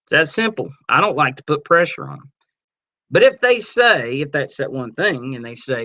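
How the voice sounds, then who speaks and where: A man teaching a webinar on network marketing, casual and energetic, acting out little sales dialogues as he goes. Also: medium pitch, normal speed, muffled recording. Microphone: computer mic on a webinar.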